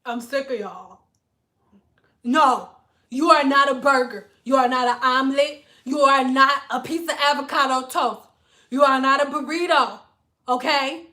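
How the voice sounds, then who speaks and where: Speaking a little slowly, this woman is a hairstylist sharing stories on a relaxed livestream. Her high voice rings bright and sharp, and her delivery is animated, blunt and full of profanity.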